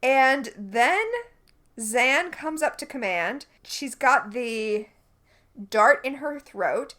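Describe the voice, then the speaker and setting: A woman's voice: high voice, very slow. A woman co-hosting a podcast, animatedly recapping a TV episode in casual chat. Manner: animated, recaps scenes and quotes characters. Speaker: podcast co-host.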